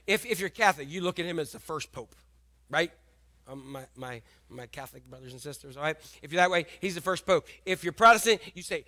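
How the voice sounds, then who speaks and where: Animated, bright-voiced male preacher. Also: on the high side, fairly quick. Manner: animated, emphatic, repeats key lines. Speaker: pastor. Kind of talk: sermon.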